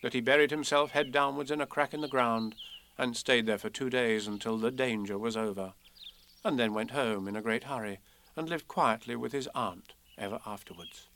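A man reading children's poems and a storybook aloud in a measured, expressive way. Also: medium pitch, slight background noise. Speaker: narrator.

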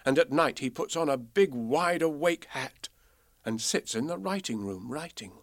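A man reading children's poems and a storybook aloud in a measured, expressive way. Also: on the high side, no echo, clean studio sound. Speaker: narrator.

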